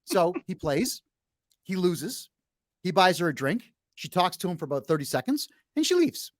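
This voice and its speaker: A brash middle-aged man hosts a podcast, his high-pitched voice very animated at a moderate pace. Chatting casually, he tells a long story bluntly, full of fillers and false starts, recorded with studio quality and no room sound.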